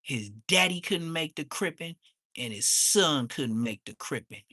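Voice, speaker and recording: A man, ranting on a livestream. He is heated and mocking, and his voice suddenly jumps high. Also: unhurried, bright, forceful tone, no echo, studio quality. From Inglewood, Los Angeles. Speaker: livestream host. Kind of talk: profane livestream rant.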